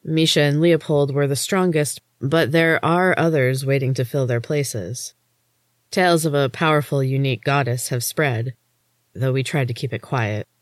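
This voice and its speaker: An urgent, protective woman guardian from a storybook, as a male reader puts her on. Her earnest warnings come in a middle-pitched voice that is very dry and close, with no room sound. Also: moderate pace, no room sound, close to an everyday voice. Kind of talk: storybook reading.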